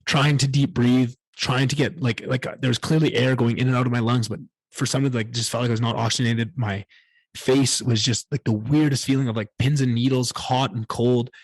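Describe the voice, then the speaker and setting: A man's voice: medium pitch, fairly even intonation, fairly quick, dry recording. A man hosting a solo podcast, telling a candid personal story in a rambling way and swearing often. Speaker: podcast host.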